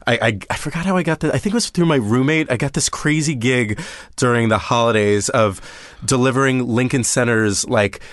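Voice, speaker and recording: A man's voice: mid-range voice, brisk, no room sound, studio quality. A man chatting casually, reacting and then telling a story. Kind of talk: casual chat.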